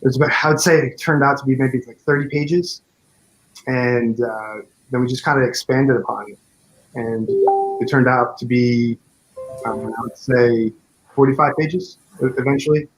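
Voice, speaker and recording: A man's voice: medium pitch, fairly even intonation, moderate pace, soft background music, poor audio. A man, a fan film director, chatting casually in an interview, rambling with many fillers and restarts.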